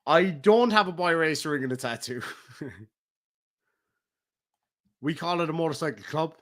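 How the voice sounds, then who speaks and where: Irish man, middle-aged, heated livestream rant, swearing and mocking, slightly high voice. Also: expressive, moderate pace. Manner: profane, taunting, swings between loud and muttered. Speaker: streamer.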